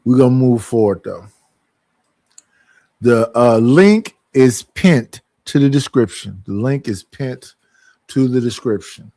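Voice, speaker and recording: A man's voice: medium pitch, lively intonation, slow pace, dark tone, dry recording. Blunt, profane male streamer. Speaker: streamer hosting a group call. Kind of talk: casual livestream chat.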